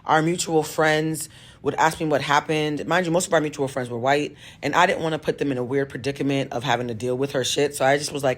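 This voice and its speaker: A woman's voice: deep voice, fairly even intonation, fast. A woman tells a personal story straight to camera in a blunt, emphatic way. She works as a tarot reader and life coach. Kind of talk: storytime monologue.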